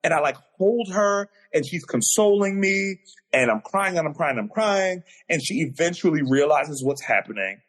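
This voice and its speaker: A man's voice: fairly high pitch, lively intonation, moderate pace, fairly bright tone. A man, a podcast guest on a video call, telling a personal story in an earnest, emotional way that grows in intensity.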